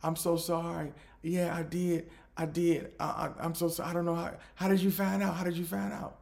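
A woman's voice: on the low side, flat delivery, brisk, creaky, darkish tone, pitched above the performer's own voice. Man doing a flustered stammering ex-girlfriend. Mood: apologetic. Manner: stammering, pleading apologies. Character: flustered young woman, his ex caught lying.

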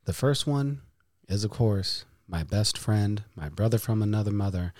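A man's voice: lowish voice, moderate pace, a little mellow, no echo, clean studio sound. A man hosting a casual podcast, playful, with hammy announcer-style flourishes. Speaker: podcast host.

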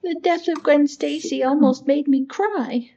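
A woman's voice: high-pitched, a little slow, warm tone, highs cut off. A woman co-hosting a podcast in casual chat, talking in an earnest, heartfelt way with many fillers. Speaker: podcast co-host.

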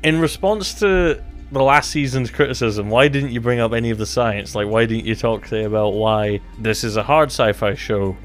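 A man's voice: medium pitch, normal speed, faint music behind. A man co-hosting a casual podcast chat about a TV series, rambling and self-deprecating, often restarting his sentences. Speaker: podcast co-host.

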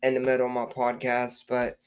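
A man hosts a casual podcast in a mid-pitched voice. He talks slowly and loosely, circling back on his words and filling the gaps with ums and likes. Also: clear, resonant tone. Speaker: podcast host.

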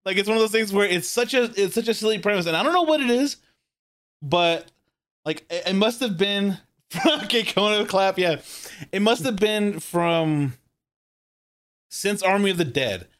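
A man with a high voice rambles through casual talk, animated and full of restarts. His delivery jumps around as he builds his point. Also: moderate pace. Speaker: podcast co-host. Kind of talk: casual chat.

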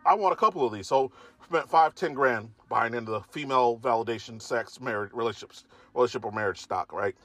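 A young man giving a profane, emphatic ranting monologue, his voice jumping up in pitch when he gets worked up. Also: fairly bright tone, no echo. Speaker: commentator.

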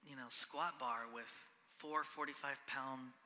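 A man's voice: medium pitch, fairly even intonation, unhurried, sharp tone. A pastor in his thirties giving a conversational sermon, checking in with "right?" and dropping to a whisper for emphasis. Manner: conversational preaching, often ends on "right?", drops to a whisper for emphasis. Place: large church hall. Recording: church hall with long reverb.

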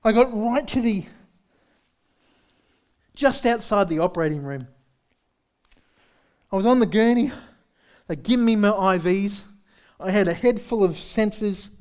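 High-voiced man preaching casually. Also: expressive, measured pace, long pauses, darkish tone. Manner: conversational preaching with frequent rhetorical "right?"; candid, self-deprecating humor. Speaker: pastor. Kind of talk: sermon. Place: church service.

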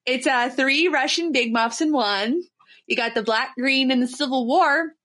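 A woman's voice: high voice, a little slow, fairly bright tone. Woman putting on a chirpy Minnesota ad reader. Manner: exaggerated, sing-song, rambling.

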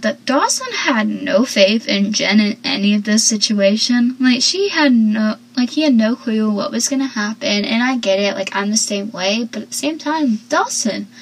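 Young woman vlogger, husky kinda high voice, rambly casual recap with lots of side tangents. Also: poor audio. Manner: rambling and talkative, with asides and laughs.

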